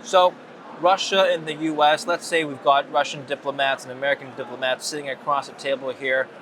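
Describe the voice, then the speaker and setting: A man's voice: mid-range voice, level tone, a little fast, background noise. A man working as a news anchor, interviewing a guest with direct, probing questions.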